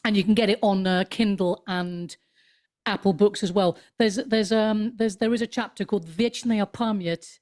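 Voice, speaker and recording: A woman in her fifties, a comedian and author, chatting in an interview in a rambling, animated way with many restarts. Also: mid-range voice, moderate pace. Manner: animated storyteller, swoops up into mock voices. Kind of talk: casual interview chat.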